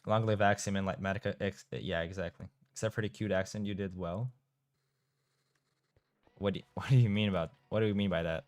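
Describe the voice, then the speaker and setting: A man's voice: deep voice, steady tone, fairly quick, dry recording. A young man from Europe, chatting casually on a game live stream, reading out and answering chat and laughing often. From Eastern Europe. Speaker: gaming streamer.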